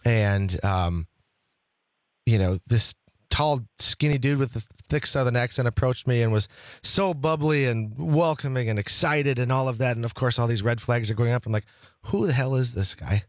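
A man's voice: medium pitch, moderate pace, no room sound, clean studio sound. A man from Wisconsin hosting a talk radio show, chatting casually and rambling with lots of restarts. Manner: rambling, with many restarts and fillers.

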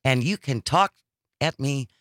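A man's voice: medium pitch, animated, measured pace, a bit bright, no room sound, studio quality. A man hosting a radio talk show, chatting enthusiastically with a co-host and callers. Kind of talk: casual radio chat.

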